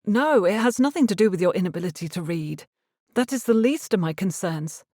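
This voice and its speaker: A woman voicing a guilt-ridden young gentleman in a tense, self-reproaching manner. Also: medium pitch, animated, a little fast, dry recording, clean studio sound, natural voice. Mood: anguished.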